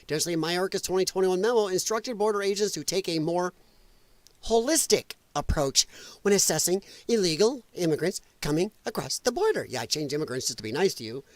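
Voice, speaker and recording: A male host rants through livestream commentary in a blunt, profane, sarcastic way. His voice sits high and jumps around a lot, and the room sounds dry and close. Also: expressive, quick pace, few pauses, no echo. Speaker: podcast host.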